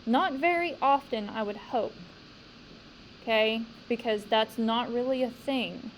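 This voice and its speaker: A woman teacher leading a poetry discussion with a class, talking slowly and emphatically and asking the students questions. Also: a little high, slight background noise, poor audio.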